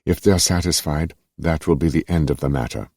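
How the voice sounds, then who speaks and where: A man voicing a young enemy interrogating officer who speaks clipped and restrained, in a raised register above his own very deep voice. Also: a little fast, dark tone, no room sound, clean studio sound. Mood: controlled.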